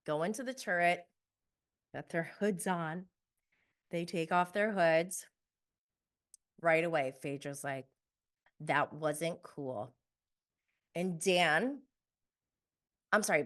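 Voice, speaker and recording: A woman's voice: mid-range voice, bright, forceful tone, clean tone. A young adult woman giving a casual, gossipy recap of a reality show, laughing often and acting out contestants' lines.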